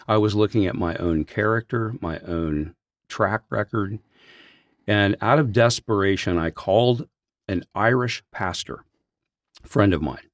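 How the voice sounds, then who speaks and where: A senior pastor with a deep voice tells a personal story on a podcast, earnest and heartfelt and animated at times. The studio-quality recording has no echo.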